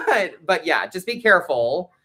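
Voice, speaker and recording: A woman's voice: on the low side, big pitch swings, a little slow, fairly bright tone, breathy edge. A woman hosting a live tarot stream, chatting casually and bluntly with viewers and swearing freely. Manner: blunt and sweary, talks straight to the chat.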